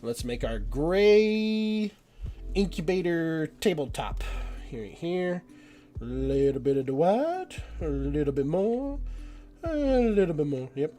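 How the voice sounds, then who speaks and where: A man's voice: on the high side, very animated, takes it slowly, dark tone, faint music behind. A young man hosting a live painting stream, rambling and self-doubting as he chats with viewers. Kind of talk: casual live-stream chat while painting.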